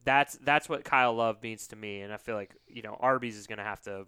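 A man jokes around in loose podcast banter. His voice is bright and crisp, and he fires off quips. The sound is dry and close. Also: lowish voice, fairly quick, no room sound. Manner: joking, playful. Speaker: podcast co-host. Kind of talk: casual chat.

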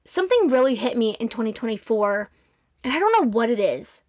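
A woman in her twenties hosting a podcast, talking in an earnest, emphatic way and jumping into quick motivational rants. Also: a little high, very animated, a little mellow, dry recording, studio quality. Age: 20s. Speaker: podcast host. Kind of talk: motivational solo podcast talk.

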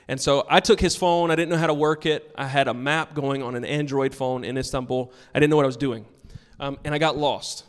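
A man's voice: medium pitch, clean tone. Emphatic preaching man in echoing church. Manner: emphatic, earnest preaching with storytelling asides. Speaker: pastor. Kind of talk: sermon. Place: church sanctuary with a congregation.

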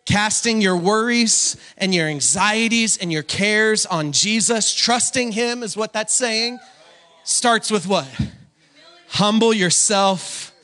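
A high-pitched male pastor preaches an energetic sermon, repeating phrases for emphasis, calling on the congregation and shouting key lines.

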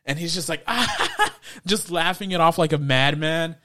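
A podcast co-host, male, talks in a fairly high, steady voice that is brisk, pushed and bright. He rambles through casual chat with plenty of laughter and acted-out quotes, captured in a dry, studio-quality recording.

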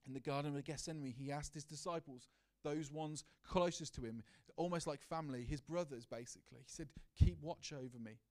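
A man delivering a heartfelt sermon, his voice sitting a little higher than most men's. He speaks earnestly and personally and sometimes sinks into a hushed tone. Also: a little fast. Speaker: preacher.

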